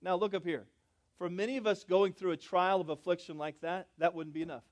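A pastor with a notably high voice delivers a sermon, swelling into loud, drawn-out words before dropping to soft, low asides. He talks a little fast with fairly even intonation, repeatedly questioning the congregation and having them repeat lines with him.

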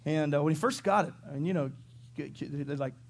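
A middle-aged man, a pastor, preaching a sermon in an animated way, acting out quotes and breaking into sudden loud shouts. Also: fairly high pitch, brisk, vocal fry.

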